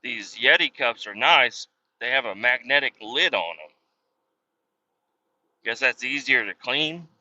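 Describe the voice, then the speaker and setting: A man's voice: mid-range voice, lively intonation, measured pace, long pauses, sharp tone. A man in his thirties hosting a podcast, telling rambling, profane stories in casual talk and acting out what others said. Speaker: podcast host. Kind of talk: casual storytelling monologue. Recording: dull lo-fi sound.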